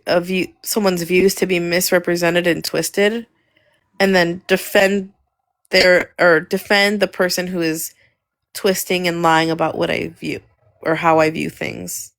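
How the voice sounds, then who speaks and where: A woman's voice: on the low side, steady tone, measured pace. A woman guest on a livestream, earnestly explaining and defending her views at length.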